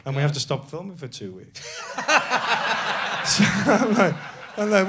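Male guest, a touch high-pitched, self-mocking raconteur on a live show. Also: big pitch swings, measured pace, noisy background. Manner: laughing storyteller, self-deprecating. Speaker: actor guest. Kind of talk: casual anecdote on a live comedy podcast.

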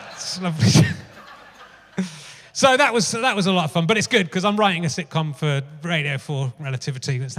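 A man's voice: high-pitched, sharp tone. A man in his fifties hosting a comedy podcast live on stage, rambling through anecdotes in a chatty, swearing stand-up manner. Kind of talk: live stand-up style monologue. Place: theatre stage before a live audience. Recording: live theatre with hall reverb.

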